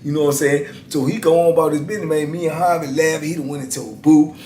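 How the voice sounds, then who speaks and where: A man in his fifties telling a story in a relaxed, casual way and acting out the other people's voices. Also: on the high side, quick pace, slight background noise. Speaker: YouTube storyteller. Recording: roomy echo.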